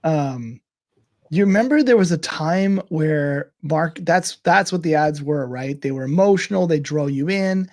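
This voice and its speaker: A man's voice: fairly high pitch, unhurried, darkish tone. A man co-hosting a casual political talk show, rambling and searching for the right words. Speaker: co-host.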